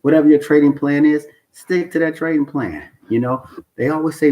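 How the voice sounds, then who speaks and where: A man hosting a trading channel speaks unscripted to the camera at normal speed in a fairly high, mellow voice, captured on a rough recording. Blunt and emphatic, he repeats his points, swears for stress, and coaches viewers with questions like "okay?" and "you know why?"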